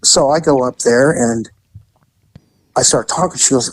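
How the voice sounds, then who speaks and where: A middle-aged man, once a police detective, telling crime stories in a casual, animated way and jumping into high voices when he quotes people. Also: a little slow, pauses often, poor audio. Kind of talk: casual storytelling.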